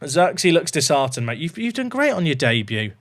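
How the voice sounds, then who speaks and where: A young man talks through a football management game in a chatty, jokey way. His voice sits high and swings widely in pitch. He breaks into loud excited shouting. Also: normal speed. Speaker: gaming YouTuber.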